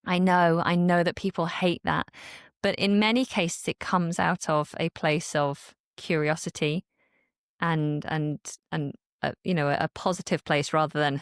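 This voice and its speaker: A woman from Manchester talks as a podcast guest. She has a light Northern English accent and speaks clearly and earnestly. Her voice is slightly low for a woman, and the sound is dry and close. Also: steady tone, a little slow, dry recording. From Manchester, England. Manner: articulate, earnest, clear speech. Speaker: guest, English teacher creator. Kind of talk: casual interview chat.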